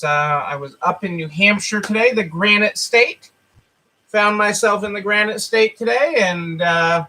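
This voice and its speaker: High, bright-voiced man hosting a livestream. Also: poor audio. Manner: greets viewers by name, repeats phrases. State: hiccups. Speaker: livestream host for store owners. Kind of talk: casual live-stream chat.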